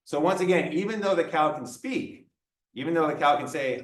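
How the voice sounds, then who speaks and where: A man's voice: medium pitch, expressive, moderate pace. A male lecturer giving a conversational classroom talk, acting out little dialogues as he explains. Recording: echoey room, mic far off.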